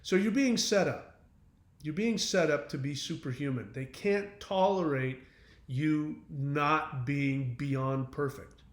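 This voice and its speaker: A man's voice: a little high, slow, roomy sound. A man hosting his own channel, talking through relationship advice in a casual, earnest monologue full of fillers and restarts. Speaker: self-help channel host.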